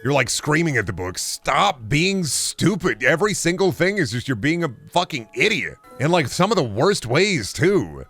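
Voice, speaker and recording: A man's voice: a little high, big pitch swings, moderate pace, hardly any pauses, fairly bright tone, faint music behind. A man streaming, chatting casually in a rambling, profane, sarcastic way.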